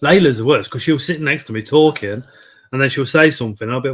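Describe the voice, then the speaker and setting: A man's voice: medium pitch, fast, fairly bright tone. A middle-aged man hosting a casual live stream, chatting and reading out viewer comments. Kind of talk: casual chat.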